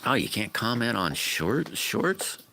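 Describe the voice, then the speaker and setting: Man, very deep gravelly voice, lively ups and downs, folksy rambling livestream chat. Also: a little slow, slight background noise. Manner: rambling, folksy, chatty with restarts. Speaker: livestream host. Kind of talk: casual live-stream chat, answering comments.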